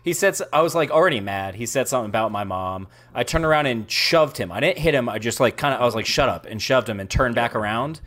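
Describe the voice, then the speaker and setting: A man's voice: mid-range voice, animated, fast talker, hardly any pauses, fairly bright tone. A man co-hosting a podcast in casual banter, telling stories and tossing in "dude". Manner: says dude a lot. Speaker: podcast co-host.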